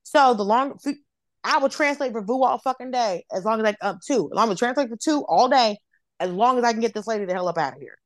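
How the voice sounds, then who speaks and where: Profane animated woman from Atlanta. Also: fairly high pitch, fast talker, dry recording. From Atlanta, United States. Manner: animated, profane, acts out voices of others. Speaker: comedian guest. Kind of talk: casual storytelling.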